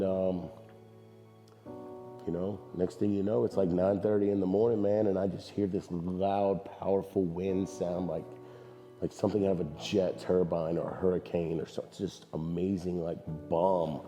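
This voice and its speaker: A man giving a personal testimony at church, halting and earnest, with a voice worn from screaming. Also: deep voice, warm tone, big-room sound. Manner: halting, earnest, many fillers.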